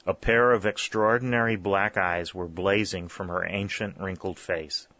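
A man narrating a story in a steady, measured reading. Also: low-pitched, dry recording. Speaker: audiobook narrator. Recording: dull, lo-fi dry recording.

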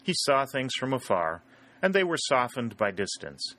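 Bright-toned male narrator. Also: mid-range voice. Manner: even, measured storytelling. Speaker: audiobook narrator. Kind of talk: scripted narration.

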